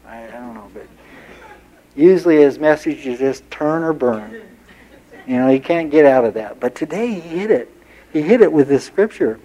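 A man preaching with a mellow, warm tone. He builds his points by repeating phrases, stacking them in earnest runs, and moves into homespun stories. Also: on the high side. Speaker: pastor. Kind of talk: sermon.

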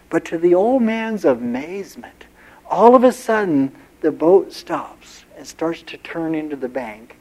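A man preaching with a mellow, warm tone. He builds his points by repeating phrases, stacking them in earnest runs, and moves into homespun stories. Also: on the high side, animated, unhurried. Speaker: pastor. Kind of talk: sermon.

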